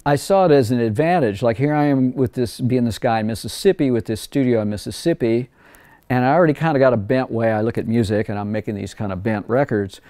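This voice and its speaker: Warm-voiced man telling studio stories. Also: medium pitch, fast talker, dry recording. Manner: rambling, acts out past conversations in a raised voice. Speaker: record producer. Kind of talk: casual interview storytelling.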